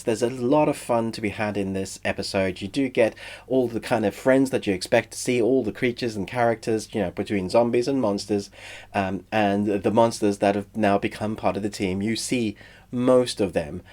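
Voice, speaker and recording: A man with a head cold and a stuffy, congested voice, giving a chatty, relaxed spoken review. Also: fairly low pitch, normal speed. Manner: chatty, relaxed, uses fillers. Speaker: film and TV reviewer.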